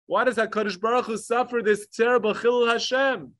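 A man teaching a Torah lecture with passion, mixing Hebrew learning terms into English and swinging between emphatic peaks and hushed asides. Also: very high voice, steady tone, a little fast, few pauses, no echo, studio quality. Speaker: rabbi. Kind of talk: Torah lecture on the Tisha B'Av kinos.

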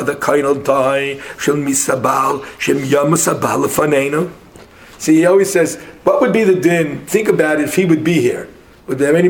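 A man with a somewhat high voice works through a Talmud passage with a study partner. He argues fast and insistently. His English is dense with Hebrew and Aramaic terms. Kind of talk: casual Talmud study session.

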